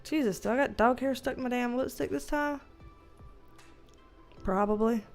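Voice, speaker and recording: High-voiced Southern woman chatting on a livestream. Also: normal speed, soft background music. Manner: laughs often while reading viewer comments aloud; chatty, loose and colloquial with mild swearing. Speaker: livestream host and tarot reader. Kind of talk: casual livestream chat.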